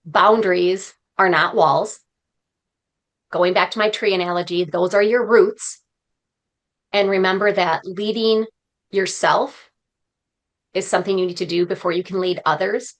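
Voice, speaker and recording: A woman's voice: fairly low pitch, steady tone, a little slow, long pauses. A woman speaking as a podcast guest, talking in an earnest, heartfelt and encouraging way. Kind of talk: conversational interview.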